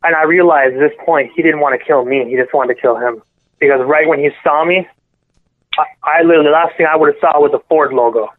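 A man guest on a podcast telling a painful personal story in a halting, earnest way, often correcting himself. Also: fairly high pitch. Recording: phone-line audio.

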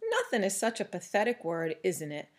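A woman's voice: on the low side, huge pitch swings, normal speed. A woman voicing a sinister, contemptuous male trader who hisses and oozes his words in a storybook reading. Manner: oozing, hissing, contemptuous.

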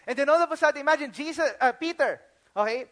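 High-voiced Filipino pastor, animated sermon. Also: male voice, fast. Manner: animated storytelling, acting out quotes; mixes English with Tagalog phrases.

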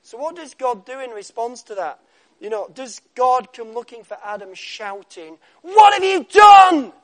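A man preaching a sermon, with dramatic pauses and a voice that drops to a soft hush on key words. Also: very high voice.

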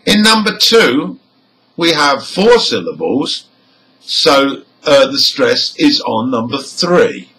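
A man teaching English pronunciation, slowly listing numbered example words and modeling each one clearly. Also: medium pitch, big pitch swings, pushed and bright, low-quality recording. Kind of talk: slow, deliberate teaching delivery.

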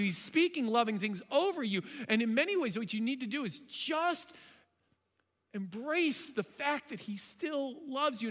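A man in his thirties preaching a sermon, impassioned, shifting between loud emphasis and quiet storytelling. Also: very high-pitched. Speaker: pastor. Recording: long hall reverb.

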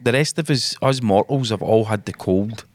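A man's voice: fairly low pitch, normal speed, no room sound. A Scottish man co-hosting a podcast, telling stories wryly and dramatically in casual sweary chat. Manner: wry, sardonic, dramatic storytelling. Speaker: podcast co-host.

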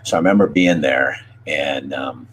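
A middle-aged man hosting a podcast, telling personal stories in a candid, emotional way that halts with pauses and restarts. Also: rumbling low, slight background noise. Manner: halting, with many pauses and restarts. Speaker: podcast host. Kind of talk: heartfelt personal storytelling.

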